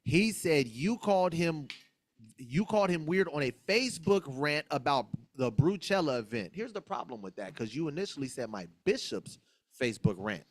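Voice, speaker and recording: A man talks on a podcast with a higher-than-usual voice that swings widely as he argues his side. He is emphatic and presses his points again and again. The sound is close and dry. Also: big pitch swings, moderate pace, no echo. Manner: emphatic, argumentative, quoting others, repeats himself. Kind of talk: heated podcast talk, recounting a dispute.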